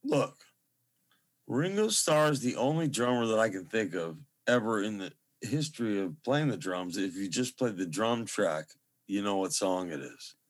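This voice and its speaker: A man's voice: on the low side, expressive, normal speed. A middle-aged man, a musician guest, talking over a video call in a rambling, effusive and reverent way. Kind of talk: casual interview chat.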